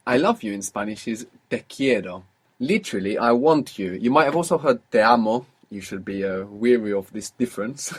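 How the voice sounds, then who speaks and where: Male tutor, husky, patient and explanatory, talks through rules with hesitations. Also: medium pitch. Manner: patient, explanatory, with frequent uh fillers. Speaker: language teacher. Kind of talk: recorded language lesson.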